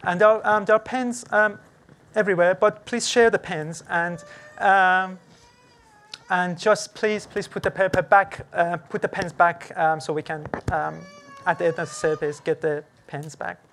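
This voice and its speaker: An earnest, gently pleading preacher giving a church sermon and leading a closing prayer. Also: mid-range voice, fairly even intonation, unhurried. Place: church service.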